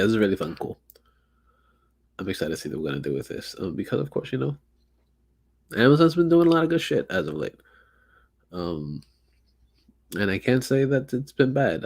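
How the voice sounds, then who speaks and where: A man hosting a podcast, talking casually at an ordinary mid pitch. He gets excitable, swears freely and rambles with lots of restarts. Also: vocal fry. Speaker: podcast host. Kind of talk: casual chat.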